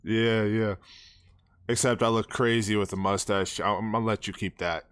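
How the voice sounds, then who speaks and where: Low-voiced podcast host, dry sound. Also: male voice, steady tone, a bit bright, clean tone, no echo. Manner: enthusiastic, quick to laugh and hype up his guest. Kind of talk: casual podcast interview.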